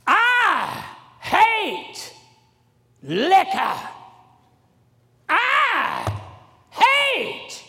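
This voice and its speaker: A man voices an elderly Southern preacher in full fire, his high voice hammering out every word. The sound rolls around a large reverberant church. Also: wildly swooping pitch, vocal fry, sharp tone, exaggerated voice. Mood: thundering. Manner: thundering, drawn-out emphatic words. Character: aged fiery male Southern preacher. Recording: echoey church hall.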